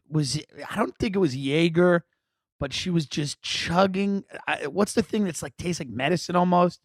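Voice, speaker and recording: A man's voice: high voice, no room sound. Wry rambling male storyteller, dry sound. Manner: rambling, wry, animated, with restarts and laughs. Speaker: podcast host. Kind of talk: comic storytelling monologue.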